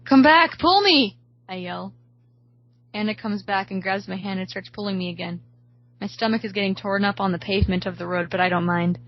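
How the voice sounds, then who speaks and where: A woman reading a horror story aloud in a steady, hushed way, recorded slightly dull. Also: medium pitch, fast.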